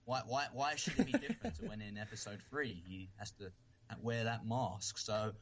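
A man's voice: fairly low pitch, expressive. A man with a British accent co-hosting a fan podcast, earnest and thoughtful in casual chat. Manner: earnest, thoughtful, a little halting. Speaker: podcast co-host.

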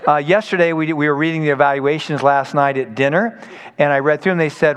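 A man's voice: on the high side, fast talker, fairly bright tone, clean tone. Conversational man preaching in a reverberant hall. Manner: conversational, storytelling with acted quotes. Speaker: pastor. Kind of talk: sermon.

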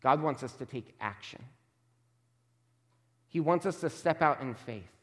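Emphatic male pastor in a reverberant hall. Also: mid-range voice. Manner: emphatic, measured, slows for stress. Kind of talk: sermon.

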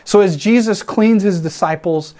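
An earnest man preaches a sermon with a voice pitched a little higher than most. He talks reflectively, picturing himself inside the scene he describes. He builds emphasis by repeating phrases again and again. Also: moderate pace, a little mellow. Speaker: pastor.

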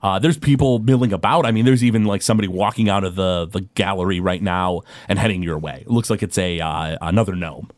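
A man narrating a tabletop game as game master, halting with many fillers. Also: low voice, fairly even intonation, no room sound.

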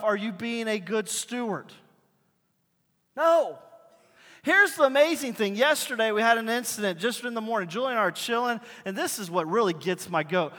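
A male pastor preaches a sermon in a high, bright voice, telling stories in an animated, conversational way and acting out bits of dialogue. The long reverb of a big hall rings around him.

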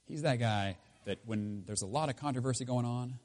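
A man preaching a sermon in a conversational, emphatic way, his voice rising loud and dropping low. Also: a little fast. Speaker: pastor.

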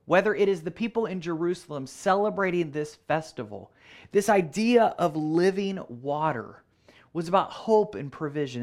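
Earnest male preacher, fairly high voice. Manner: earnest, repeats phrases for emphasis, slows to stress key words. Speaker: pastor. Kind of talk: sermon.

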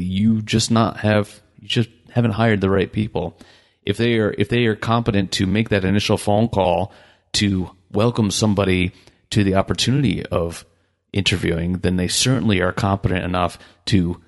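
A man with a low, gravelly voice hosts a business podcast. He talks bluntly and frankly, ranting casually and speaking his mind. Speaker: podcast host. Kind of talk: casual opinion podcast talk.

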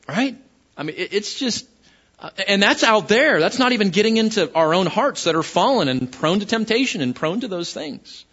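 A man's voice: sits high, animated, normal speed, long pauses, a bit bright, dull audio. A man pastor preaching a conversational sermon, often restarting his phrases.

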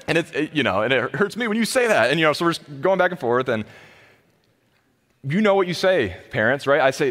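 A man in his thirties preaching a sermon as pastor, impassioned, rising to loud pleas and dropping to low, quiet emphasis. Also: sing-song, brisk. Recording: long hall reverb.

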